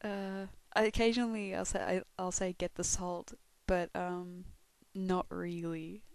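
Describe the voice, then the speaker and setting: In a fairly low, level voice, a young woman with an Australian accent takes her time as she answers a question tag as a fan in a casual audio vlog. The Melbourne native swears a lot, laughs often and makes fun of herself, and the tone is clean, on a dry recording.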